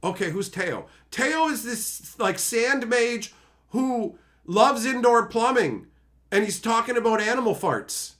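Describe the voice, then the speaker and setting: Male streamer, young adult, bright and forceful, profane theatrical rant. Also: very high voice, expressive, a little slow. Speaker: livestreamer. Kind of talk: livestream rant.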